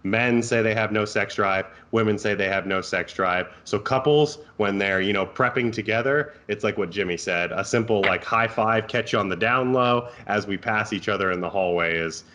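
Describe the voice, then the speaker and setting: A man's voice: lowish voice, normal speed, few pauses, bright, forceful tone. A man co-hosting a casual podcast as a fitness coach, joking and easygoing as he chats.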